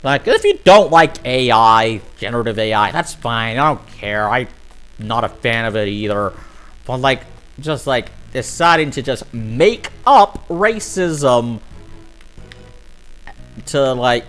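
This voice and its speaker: A man's voice: medium pitch, animated, slow, fairly bright tone, faint music behind. Swearing, ranting male streamer. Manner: ranting, swears, many fillers. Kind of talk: casual live-stream commentary. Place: home streaming setup.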